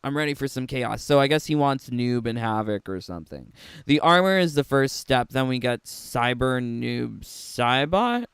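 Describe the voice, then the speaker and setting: A man's voice: mid-range voice, expressive, a little slow, a bit bright, clean tone, no room sound, clean studio sound. A man giving sarcastic, mocking reaction commentary on a game trailer, laughing often. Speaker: gaming commentator.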